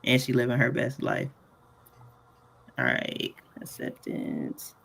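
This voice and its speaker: A man with a gravelly, creaky edge to his mid-range voice runs a relaxed live class. He jokes and laughs easily while talking his viewers through each step. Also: medium pitch, slow pace. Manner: playful, laughs often, chatty asides. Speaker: workshop host. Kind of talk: casual live tutorial.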